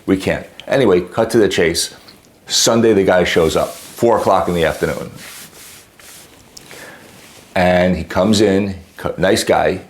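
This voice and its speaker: Man, deep voice, casual exasperated storyteller in a talking-head vlog. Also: measured pace, long pauses. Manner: exasperated, animated retelling with acted quotes. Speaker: homeowner telling a customer-service story.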